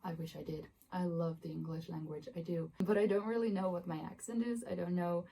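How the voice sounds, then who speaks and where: A woman's voice: lowish voice, steady tone, brisk, creaky, dark tone, slight background noise. A young woman vlogging about books, chatting casually to her phone camera in her bedroom with frequent giggles and fillers. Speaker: book vlogger. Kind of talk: casual vlog talk to camera.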